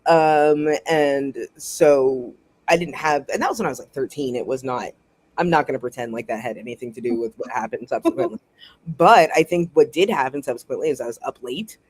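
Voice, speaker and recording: An American author chatting casually as a guest over a video call, animated and rambling, laughing often. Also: medium pitch, fairly quick, breathy edge. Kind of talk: casual chat.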